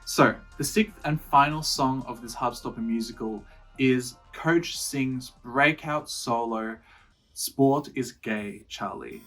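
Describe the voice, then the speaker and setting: A man's voice: mid-range voice, slow, a bit bright, soft background music. A young man from Australia chatting casually to camera, playful and rambling, with lots of flustered restarts. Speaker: YouTuber and songwriter. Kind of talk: casual vlog talk.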